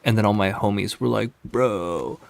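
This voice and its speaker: A man with a somewhat low voice talks straight into a home desk mic. He tells stories to his live chat in a loose, rambling way. He swears freely and laughs at his own stories. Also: steady tone, a little slow, dry recording. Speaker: streamer. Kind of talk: casual storytelling to live chat.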